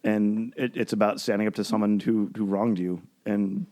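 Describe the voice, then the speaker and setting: A man co-hosting a podcast, chatting casually about music in a halting, rambling way with lots of fillers and restarts. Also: on the low side, fairly even intonation, mellow. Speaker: podcast co-host.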